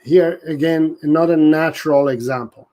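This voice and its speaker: A man's voice: fairly high pitch, steady tone, moderate pace, warm tone. A man hosting a live dog-training Q&A, talking earnestly and often restarting his sentences. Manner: earnest, repeats and restarts, reads out viewer comments. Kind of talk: casual live-stream Q&A.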